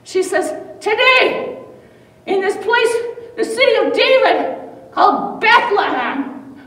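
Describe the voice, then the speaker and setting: A woman plays an excitable old shepherd, squeaky and very high, who giggles through a children's Bible story and takes her time. The voice rings around a big echoey hall, picked up from well back. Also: slow pace, full character voice. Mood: excited. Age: older. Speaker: children's church presenter. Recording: echoey hall, distant mic.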